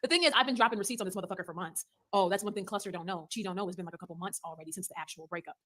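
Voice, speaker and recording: Woman in a clip, talks extremely fast, gossipy and profane, mid pitch. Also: pushed and bright.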